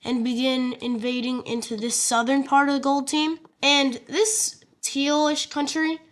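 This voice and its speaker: A woman's voice: high voice, little pitch movement, unhurried, a bit bright. Chatty woman narrating a map story. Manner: casual, chatty, filler-heavy, jokey asides.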